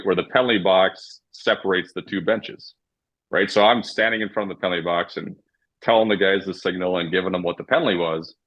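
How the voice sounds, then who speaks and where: A man's voice: deep voice, slightly rough, rough recording. A man, a former hockey referee, telling casual, profane stories as a podcast guest. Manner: profane, animated anecdotes. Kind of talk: casual storytelling.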